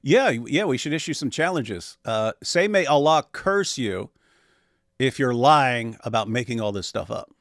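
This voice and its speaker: A man's voice: mid-range voice, lively intonation, moderate pace, hardly any pauses, fairly bright tone, no echo, studio quality. A man co-hosting a livestream, sarcastic and mocking in his commentary. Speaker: co-host.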